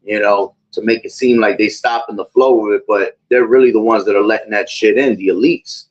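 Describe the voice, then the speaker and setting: A man's voice: on the low side, fairly even intonation, brisk. A man talking in casual, rambling commentary, full of fillers and repeated asides. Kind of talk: casual chat, preaching-tinged commentary. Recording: dull lo-fi audio.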